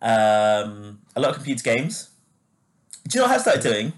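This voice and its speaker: A man's voice: mid-range voice, very animated, moderate pace. A man co-hosting a casual chat podcast, talking loosely with lots of fillers and laughing easily. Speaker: podcast co-host.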